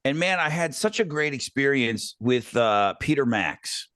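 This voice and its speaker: Animated middle-aged man telling stories. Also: medium pitch, a little slow, smooth, no room sound, studio quality. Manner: rambling, animated anecdotes with many fillers. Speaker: podcast host. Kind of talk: casual storytelling chat.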